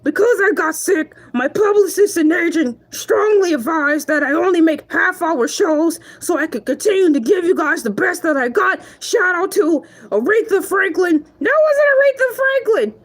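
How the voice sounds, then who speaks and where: Hercules, a cocky shark who hosts his own live show, put on by a woman. His voice sits very high and quavers as he rants in mock outrage, then cracks up laughing. He boasts about himself and chats straight to his viewers. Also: lively intonation, moderate pace, few pauses. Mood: chatty. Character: brash self-proud male shark show host. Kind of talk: live-stream comedy monologue.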